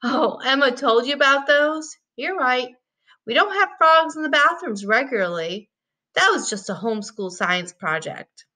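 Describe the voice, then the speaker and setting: A woman's voice: sits high, lively intonation, unhurried, sharp tone, voice pushed up, full character voice. A woman voicing a cheerful, welcoming mother in a read-aloud storybook.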